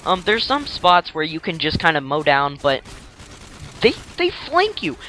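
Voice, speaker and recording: A man's voice: sits high, very animated, moderate pace, bright, forceful tone, slight background noise. A young man casually narrating his gameplay as a tutorial, rambling and jokey, acting out enemies in silly voices.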